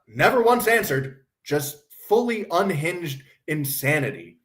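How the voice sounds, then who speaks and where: A man's voice: high voice, expressive, a little slow. A man hosting a casual commentary stream, talking bluntly with a sardonic, profane edge. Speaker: host.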